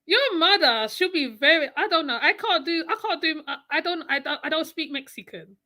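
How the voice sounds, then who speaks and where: A woman's voice: high-pitched, expressive, fairly quick, sharp tone. A woman with a West Indian accent giving mocking reaction commentary, scolding and repeating her phrases for emphasis. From West Indies. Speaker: channel host.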